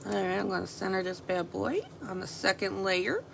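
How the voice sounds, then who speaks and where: Her medium-pitched, creaky voice carries over background noise as she demonstrates a stamping craft at her table. She keeps up a chatty, mildly self-deprecating running commentary, thinking aloud while she works.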